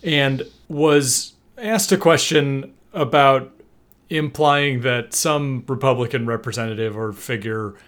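A man co-hosting a podcast in loose, casual chat, his voice sitting at an ordinary middle pitch. He rambles through a recap with restarts and the odd swear, and slips into raised, mocking voices when quoting people. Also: takes it slowly, fairly bright tone. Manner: rambling, profane, mimics characters with raised pitch. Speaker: podcast co-host.

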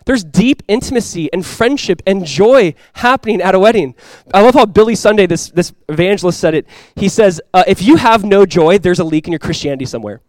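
Fast-talking young pastor preaching. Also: male voice, no echo. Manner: swings from quiet earnest lows to loud excited highs; casual and conversational, with many "like" fillers. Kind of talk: sermon.

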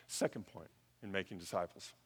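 A middle-aged man preaching a sermon, telling stories and swinging between hushed asides and loud emphasis. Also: low voice, a little fast, breathy edge, in a large hall. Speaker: pastor.

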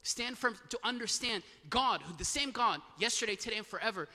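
A man's voice: high-pitched, expressive, fairly quick, sharp tone. A man preaching a Bible study sermon, teaching scripture with emphatic, repeated phrases. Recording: long hall reverb.

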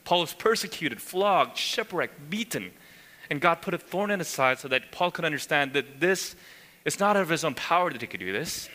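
A man preaching in a church sanctuary, his voice bright and forceful with a slightly high pitch. He talks emphatically, explaining scripture and checking in with his listeners. A long reverb trails after his words. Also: lively intonation, moderate pace. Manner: emphatic, frequent tag questions, voices God's words. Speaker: pastor. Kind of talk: sermon.

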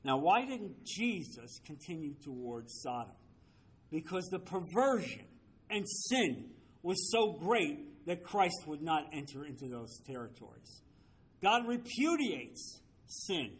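A man's voice: a little high, big pitch swings, slow pace, husky. A man teaching a Bible study, emphatic, often checking with his listeners through rhetorical questions.

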